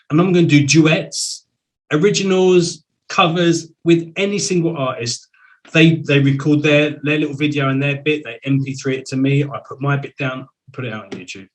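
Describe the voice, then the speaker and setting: A man hosting an interview show, telling stories in a lively, animated way. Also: a little high, normal speed, low-quality recording. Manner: animated storyteller, voice swings up with excitement. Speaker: show host and singer. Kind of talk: casual video-call interview.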